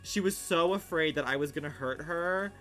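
A young man telling a story casually on his livestream at home, in a rapid, animated, filler-heavy way with swearing. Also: on the high side, soft background music.

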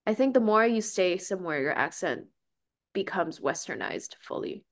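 A Beijing-born content creator in her twenties, whose first language is Mandarin Chinese, speaks with an American accent in a casual interview. She answers breezily and offhandedly in a lowish, expressive voice at a moderate pace.

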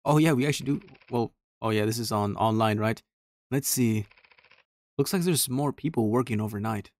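A man's voice: mid-range voice, moderate pace, a little mellow, no echo. A man streaming a horror game, talking casually to himself and reading the game's text aloud as he plays. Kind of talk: casual let's-play commentary.

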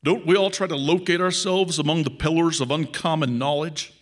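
A man's voice: on the high side, steady tone, a little fast, close to an everyday voice. A man voicing a hologram of a male president who talks in a pompous, speechmaking manner during a story reading. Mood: stately evasive.

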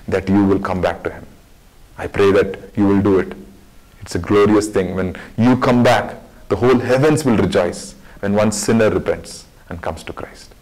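A man teaching a Bible study as a sermon, fervent and repetitive, swinging between loud urging and hushed tones. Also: on the low side, poor audio.

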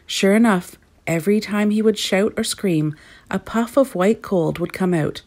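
A woman reading a children's story aloud in an expressive storybook cadence. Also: medium pitch, normal speed.

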